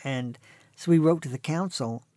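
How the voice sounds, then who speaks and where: A man in his sixties, an author appearing as an interview guest, tells dry, self-mocking stories conversationally. His voice is a little high and mellow at normal speed, with no room sound.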